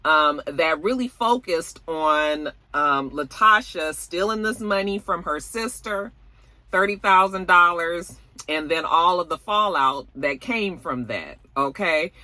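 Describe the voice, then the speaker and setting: Chatty woman with a bright, forceful voice. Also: fairly low pitch, unhurried, no room sound. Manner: chatty, talks straight to viewers with fillers. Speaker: YouTube celebrity gossip host. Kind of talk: casual commentary to viewers.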